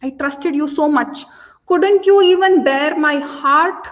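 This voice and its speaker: A woman's voice: high voice, animated, measured pace, far from the mic. A woman voicing a proud, hurt woman who mocks the lover who has come back to her. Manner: sarcastic, wounded. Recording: dull audio with long reverb.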